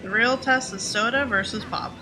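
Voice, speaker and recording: A woman's voice: a little high, moderate pace, music in the background. A woman game streamer chatting casually and answering her viewers by name. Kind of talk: casual chat while streaming.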